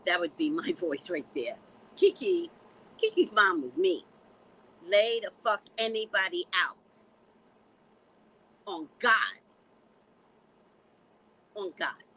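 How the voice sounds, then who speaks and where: Sassy, animated woman vlogging slowly. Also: on the low side, a little hiss or hum, rough recording. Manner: animated, drawn-out, repeats "you know"; sassy, blunt. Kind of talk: casual chat to camera.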